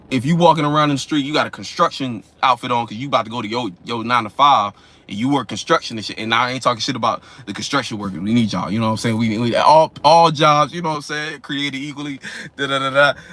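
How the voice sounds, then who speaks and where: A man with a medium-pitched, fairly bright voice gives a casual astrology talk as a vlogger, speaking in a loose, profane, slangy way. He often asks "you know what I'm saying" and acts out the imagined people in his examples with quick voices.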